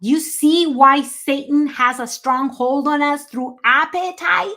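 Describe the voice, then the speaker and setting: A woman's voice: high voice, a little slow, hardly any pauses, bright, forceful tone. Emphatic woman giving a health talk. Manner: emphatic, apologetic asides to chat viewers. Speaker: health presenter. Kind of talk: online health presentation.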